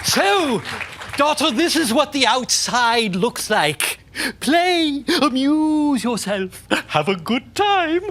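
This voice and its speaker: Woman doing a slow, gentle king father. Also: high voice, big pitch swings, a faint crowd, slight background noise, voice pushed down, exaggerated voice. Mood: fatherly. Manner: slow, measured fatherly instructions. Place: live children's stage show.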